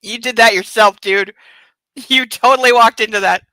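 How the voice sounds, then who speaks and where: A woman's voice: on the high side, fairly even intonation, normal speed, sharp tone, no echo, poor audio. A woman reading a novel aloud for a comic book club, breaking off into sarcastic, profane commentary.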